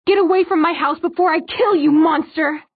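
A woman's voice: fairly high pitch, a little slow, no echo, heavily acted. A woman playing a screaming, terrified mother. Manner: screaming, rough with terror. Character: terrified mother, shrieking at a son she calls a monster. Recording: tinny narrow-band audio, dry.

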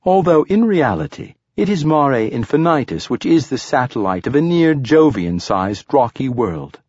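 A man voicing a calm, formal male android companion who speaks in a measured, precise way. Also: medium pitch, no echo, clean studio sound, voice pushed up. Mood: informative.

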